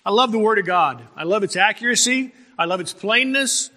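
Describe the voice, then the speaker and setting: High, bright-voiced preacher man in a reverberant hall. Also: expressive. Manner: preaching with calls of amen and slow emphatic stresses. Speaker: pastor. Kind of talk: sermon.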